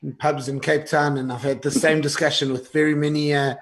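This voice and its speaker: A man from South Africa hosting an interview, asking questions in a conversational, hesitant way, often filling pauses with "look" and "uh". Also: on the high side, level tone. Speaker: interviewer, host.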